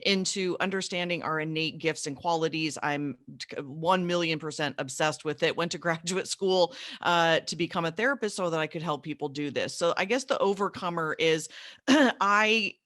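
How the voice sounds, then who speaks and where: A woman psychotherapist talking as a guest in an interview, energetic and emphatic, now and then clearing her throat. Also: sits low, moderate pace, no room sound, clean studio sound. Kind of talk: casual interview chat.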